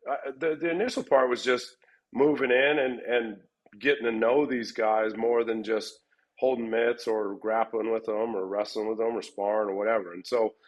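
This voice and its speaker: A man's voice: on the low side, steady tone, moderate pace, rough recording. A middle-aged man, a fight gym coach, answering interview questions in a rambling way, often restarting and repeating words. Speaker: MMA gym head coach.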